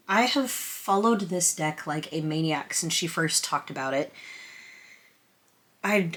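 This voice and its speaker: A woman unboxing a tarot deck on camera at her table, excited, flustered and emotional, rambling with restarts. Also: fairly low pitch. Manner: emotional, close to tears. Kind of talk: casual chatty unboxing. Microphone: camera on a stand at a table.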